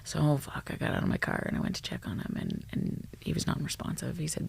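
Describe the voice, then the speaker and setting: Brief: woman psychologist guest, gravelly and husky, blunt, animated, swears freely. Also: low-pitched, fast talker, hardly any pauses. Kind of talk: storytelling in a podcast interview.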